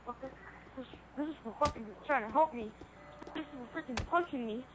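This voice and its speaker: A woman's voice: high-pitched, fairly quick, background noise. A woman playing a swearing, threatening police officer in an improvised game role-play. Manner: bossy, swearing, threatening, shouty.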